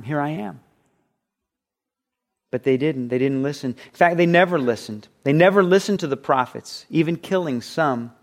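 Animated man preaching a sermon. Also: fairly high pitch. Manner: animated, acts out quoted voices. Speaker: pastor.

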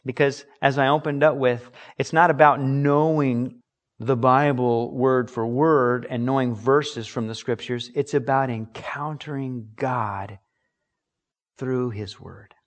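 A man's voice: mid-range voice, steady tone, takes it slowly. A man preaching a sermon as pastor, earnest and emphatic, acting out little examples.

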